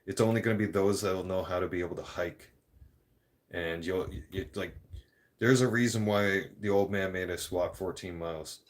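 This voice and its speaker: A man's voice: low voice, moderate pace. A man ranting in a vlog, blunt and profane, rambling and restarting his sentences. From Canada. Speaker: vlogger.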